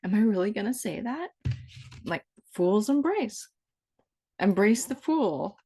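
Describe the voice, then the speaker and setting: A woman's voice: medium pitch, big pitch swings, a little slow, mellow, slightly rough. A woman in her fifties talking in an improvised, rambling monologue, playful and self-mocking as she wanders from one thought to the next. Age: 50s. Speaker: vlogger.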